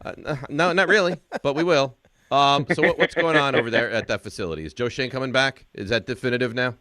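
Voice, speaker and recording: A man's voice: medium pitch, fast, sharp tone, dry recording. A man hosting a sports radio show, teasing his guest in a needling, playful way. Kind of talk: casual radio chat.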